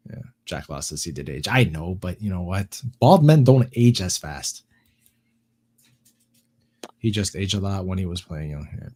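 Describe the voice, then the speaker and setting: A man's voice: low voice, very animated, normal speed, pauses often, a little mellow. A man co-hosting a casual livestream podcast, chatting loosely and profanely and reading out viewer comments. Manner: loose, profane, reads chat aloud. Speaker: podcast co-host.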